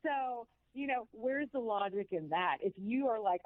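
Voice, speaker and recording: A woman guest on a radio interview, an animated and emphatic storyteller talking about money. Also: on the high side, moderate pace, hardly any pauses, dry recording. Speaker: guest, financial educator. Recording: tinny phone line.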